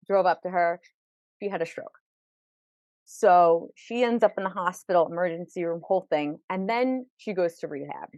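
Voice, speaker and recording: A woman's voice: medium pitch, no echo. A woman who is a podcast guest, telling her life story vividly with quoted dialogue. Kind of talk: personal storytelling in an interview.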